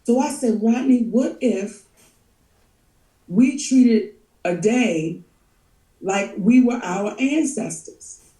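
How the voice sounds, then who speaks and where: A middle-aged woman telling stories as a guest in a casual chat, animated, laughing often and cursing freely. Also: on the high side, takes it slowly, pauses often, far from the mic. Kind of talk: storytelling chat. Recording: echoey room.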